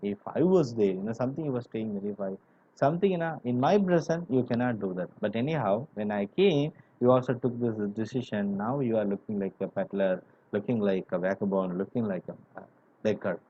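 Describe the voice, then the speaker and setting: A man's voice: fairly low pitch, a little fast, husky. A male teacher explaining a story line by line to his class, stopping to define words and using lots of "you know", heard in a dull, lo-fi recording. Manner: explains word by word, many "you know" fillers. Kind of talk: classroom literature lesson.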